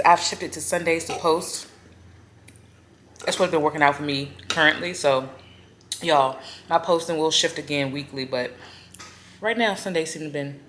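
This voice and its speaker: A woman casually chatting to viewers between bites, murmuring softly as she eats at home. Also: sits low, a little hiss or hum. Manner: talks between bites with soft murmured mm sounds. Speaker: mukbang vlogger. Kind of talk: casual chat while eating. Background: faint lawn mower and clinking cutlery.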